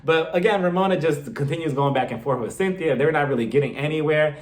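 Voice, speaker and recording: A man's voice: a little high, fast talker. A man giving a casual, gossipy recap of a reality show, chatting with lots of filler words. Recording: echoey room.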